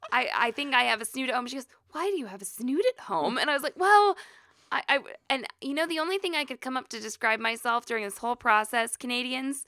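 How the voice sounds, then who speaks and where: A woman's voice: on the high side, fast, hardly any pauses, no echo, clean studio sound. A woman in her thirties co-hosting a casual chat, telling stories with lots of laughter and acted-out quotes. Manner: animated storyteller, laughs often, acts out quotes. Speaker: podcast co-host.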